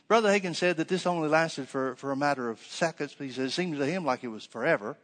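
A man's voice: on the high side, fast, few pauses, fairly bright tone, long reverb tail. A man preaching a conversational sermon, telling a story with many fillers and restarts.

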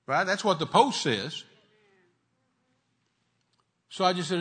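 A man's voice: high-pitched, lively intonation, takes it slowly, long pauses, fairly bright tone. Emphatic man preaching a sermon. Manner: emphatic, repetitive preaching with rising declarations.

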